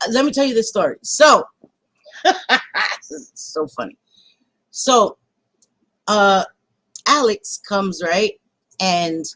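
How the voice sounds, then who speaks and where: A woman's voice: mid-range voice, dry recording. A woman hosting a casual live stream chat, telling a story with lots of swearing and laughter. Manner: profane, animated, laughs a lot.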